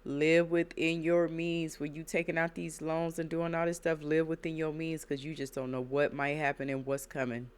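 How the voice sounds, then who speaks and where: A woman's voice: low voice, flat delivery, brisk, few pauses, clear, resonant tone. A woman hosting reaction commentary, emphatic and preachy, repeating her points. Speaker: reaction channel host. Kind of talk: casual commentary.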